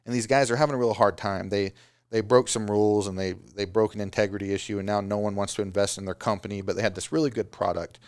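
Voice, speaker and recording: Small-business owner, male, gravelly, casual motivational talk, dry sound. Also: on the low side, quick pace, dry recording. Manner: animated, does mocking voices of excuses. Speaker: business owner giving advice.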